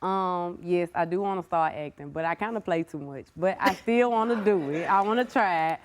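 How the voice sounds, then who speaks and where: A woman's voice: lowish voice, moderate pace. A young woman in her twenties with a Memphis accent, a guest on a talk show, laid-back and giggly with casual slang. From Memphis, USA. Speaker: guest rapper. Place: TV studio with live audience. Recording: studio with audible audience and noise.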